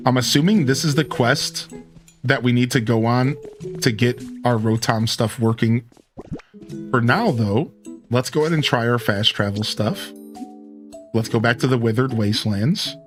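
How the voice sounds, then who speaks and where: A man's voice: mid-range voice, moderate pace, soft background music. A man streaming a video game and chatting casually with his viewers. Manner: chatty, talks to chat, "dude" and "like". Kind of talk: casual let's-play commentary.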